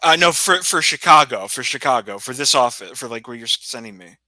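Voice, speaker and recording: A man's voice: medium pitch, expressive, fairly quick, pushed and bright, no echo, low-quality recording. A man talking to a livestream audience in an agitated, rambling way, repeating himself and sometimes dropping almost to a whisper. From United States. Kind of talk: rambling livestream monologue and phone call.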